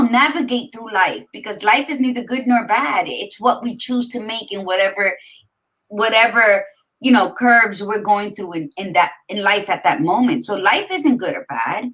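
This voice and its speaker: A woman's voice: medium pitch, lively intonation, moderate pace, a bit bright, poor audio. A woman co-hosting a talk podcast, casual and encouraging, speaking straight to the listener. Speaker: podcast co-host. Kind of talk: casual chat.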